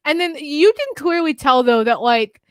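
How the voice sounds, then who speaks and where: A high-pitched woman co-hosting a chatty podcast, recorded close and dry with no room sound. She talks about horror movies with excitement and acts out their lines. She laughs often. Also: moderate pace, no room sound. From Northeast Pennsylvania. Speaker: podcast co-host. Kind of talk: casual chat.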